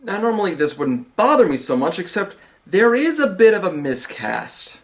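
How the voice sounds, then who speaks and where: Sarcasm drives this man's comedic movie review, told at a moderate pace with dry humor tucked between observations. His voice sits slightly high and moves widely up and down, keeping the delivery lively.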